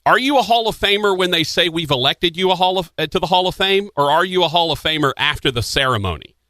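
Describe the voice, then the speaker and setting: A man hosting a radio talk show, asking lively questions with many restarts. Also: sits high, fast, dry recording. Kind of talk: radio interview. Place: radio studio.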